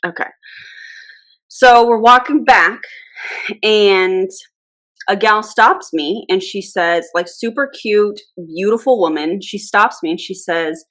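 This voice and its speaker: A woman in her thirties talks straight to camera in a loose storytime vlog. She wanders off on tangents and acts out both sides of a conversation in her own mid-range voice. Her pitch sits right in the middle for a woman. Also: slow pace, a bit bright. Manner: chatty and rambling, with quoted dialogue. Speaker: anti-MLM YouTuber.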